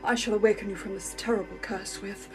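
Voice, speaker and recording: A woman voicing an earnest, gallant fairy-tale prince who speaks in a soft, courtly way. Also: mid-range voice, steady tone, fast talker, close to an everyday voice. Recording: music underneath.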